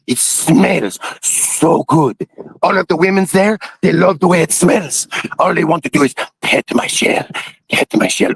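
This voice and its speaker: A man's voice: high voice, gravelly, a bit bright, breathy edge, no echo, heavily acted. A man voicing a flirty, silly male turtle acting as a tour guide, squealing and repeating himself. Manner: squealing, repeats words, goofy.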